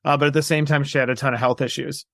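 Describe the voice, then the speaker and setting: Gravelly-voiced storytelling man. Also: medium pitch, fast talker, dry recording, clean studio sound. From New York, USA. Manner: animated, acts out quoted voices. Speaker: guest. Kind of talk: storytelling interview.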